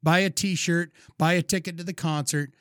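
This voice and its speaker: Guy cohosting a podcast, pushy and sweary, kinda high voice, dry close mic. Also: steady tone, normal speed, fairly bright tone, no room sound. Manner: profane, emphatic, pushy pitch. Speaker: podcast co-host. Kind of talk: casual chat.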